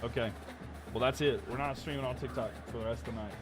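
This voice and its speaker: A man's voice: mid-range voice, fast talker, music in the background. A man live-streaming a football video game, calling plays like a commentator and venting his frustration between snaps. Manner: frustrated asides between excited play calls.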